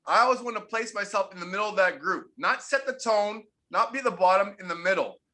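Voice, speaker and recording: A man's voice: high-pitched, brisk, pushed and bright. A man in his forties, a former pro hockey player from Canada, telling stories in an interview, emphatic and repeating his points for effect. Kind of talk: candid interview storytelling.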